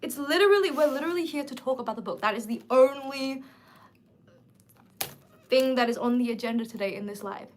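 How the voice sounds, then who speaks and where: A woman in her twenties hosting a casual livestream book chat, animated and emphatic. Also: sits high, a little fast, long pauses. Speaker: livestream host.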